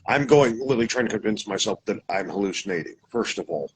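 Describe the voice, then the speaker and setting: A man's voice: lowish voice, expressive, quick pace, slight background noise, low-quality recording. A man from Montana casually telling a long personal story, rambling, with many asides and self-corrections. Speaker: guest telling an encounter story.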